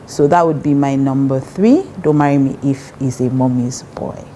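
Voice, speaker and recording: A woman's voice: very deep voice, normal speed, warm tone, slight background noise. A woman with a Nigerian accent giving relationship advice in a casual, emphatic talk, often acting out the voices of people she quotes.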